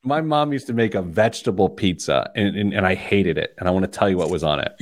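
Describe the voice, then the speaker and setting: A man's voice: sits low, quick pace. A man from Indiana hosting a money podcast, talking in loose, jokey banter, rambling through stories and laughing at his own jokes. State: wired on caffeine. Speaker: podcast host, financial planner. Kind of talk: casual banter on a money show.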